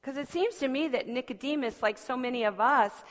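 A woman preacher giving a sermon, telling a story expressively, her delivery moving between soft and lively. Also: high voice, a little fast. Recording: long hall reverb.

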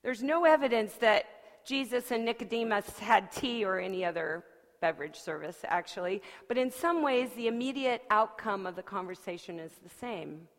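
A woman preacher of middle pitch tells a story from the pulpit, moving between hushed and lively phrases. Her voice carries a long reverb from a large church hall. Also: moderate pace. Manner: expressive storyteller, shifting from soft to lively. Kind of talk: sermon, storytelling.

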